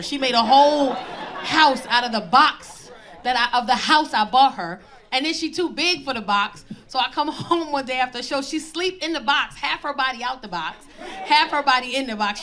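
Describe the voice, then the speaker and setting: Loud and high-voiced, a female comedian works through a stand-up set before a live audience, telling animated, profane stories. The recording comes from the stage, with the crowd laughing along.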